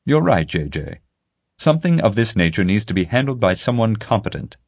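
A man voicing a vain, pompous male head of public relations who turns shrill and loud when angry. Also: sing-song, fairly quick. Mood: huffy.

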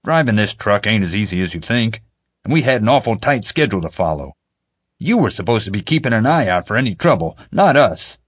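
A man's voice: on the low side, sing-song, brisk, voice pushed up. A man voicing a big, bearded male truck driver who snarls back angrily. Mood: angry. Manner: snarling, gruff.

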